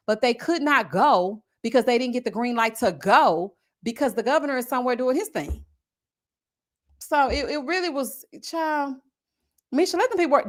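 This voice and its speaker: A woman from Houston, hosting a livestream and telling stories in animated, slangy casual chat while reading super chats. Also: high-pitched. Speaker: livestream host.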